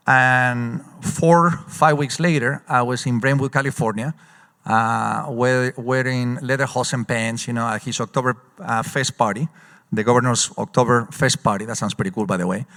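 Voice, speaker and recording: A man speaks as an executive guest on a conference stage. He tells stories in lively, quick bursts full of "uh" fillers, at an everyday middle pitch. His voice rings with the long reverb of a big hall. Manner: animated storyteller, quick bursts with frequent uh fillers. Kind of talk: live on-stage conference interview.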